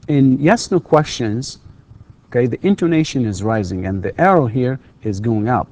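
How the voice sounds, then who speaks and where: A man's voice: medium pitch, expressive, normal speed, darkish tone. A man lecturing university students on English, repeating drill questions and hesitating with many fillers. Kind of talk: recorded classroom lecture.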